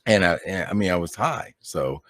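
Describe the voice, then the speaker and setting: A man's voice: low-pitched, expressive, moderate pace, a bit bright, no room sound, studio quality. A man in casual chat as a podcast guest, telling a story in a laid-back, rambling way, swearing and laughing often.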